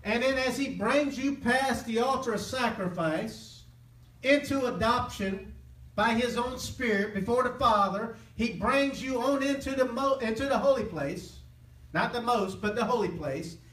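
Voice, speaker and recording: Male preacher, high voice, earnest call-and-response teaching style; distant, echoey church-hall recording. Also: unhurried, fairly bright tone. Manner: call-and-response, prompting listeners to finish phrases; earnest and impassioned. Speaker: Bible teacher. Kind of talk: interactive sermon. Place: church hall with live listeners. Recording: echoey room from a distant mic.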